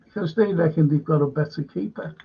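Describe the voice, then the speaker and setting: A man hosting a live stream, reading out viewer comments in a rambling, slow way with asides. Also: fairly high pitch, gravelly, slightly rough, lo-fi sound. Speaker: host.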